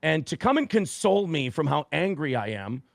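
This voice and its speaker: A man's voice: on the high side, sing-song, moderate pace, creaky, no room sound, studio quality. A man as a podcast guest, telling a story casually with heavy swearing and acting out what people said. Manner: heavy swearing, acts out quotes with shifting voices.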